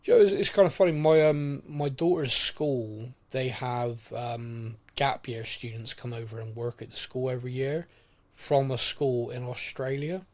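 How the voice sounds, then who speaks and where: A man's voice: medium pitch, measured pace, a little mellow. A middle-aged man hosting a podcast in casual chat, rambling and laughing easily. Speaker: podcast host.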